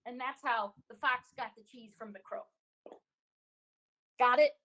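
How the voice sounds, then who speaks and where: A woman improviser retelling a story in an animated, playful way over a video call. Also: on the high side, a little slow, rough recording.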